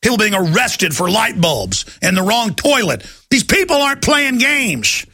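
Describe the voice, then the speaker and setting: High-pitched gravelly ranting man. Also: very animated, normal speed, sharp tone, dry recording. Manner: ranting, heated and agitated. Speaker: radio talk show host. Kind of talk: talk radio monologue.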